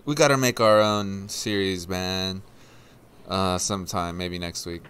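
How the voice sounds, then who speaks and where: On a headset mic with headphones, a man co-hosting a live podcast jokes, chats, and laughs often while commenting casually on a race. His voice is deep, steady, measured, a bit bright, and clean.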